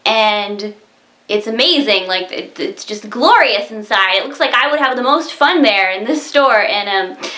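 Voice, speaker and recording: A woman's voice: mid-range voice, fairly bright tone. A woman vlogger chatting casually about a film, rambling and giggly with lots of fillers. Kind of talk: casual movie review chat. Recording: echoey room.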